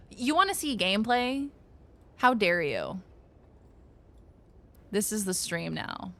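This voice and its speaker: Bright-voiced woman streamer chatting playfully. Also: medium pitch. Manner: playful, swears, reads card text aloud, chats with viewers. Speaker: game streamer. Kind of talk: casual live-stream chatter while playing.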